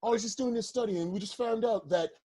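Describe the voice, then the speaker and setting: A man putting on a smug researcher, pitched a little higher than his own voice. He states absurd claims with total authority. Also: quick pace, dark tone. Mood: mock-serious. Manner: authoritative, mock-serious. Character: confident British researcher announcing a bogus cure.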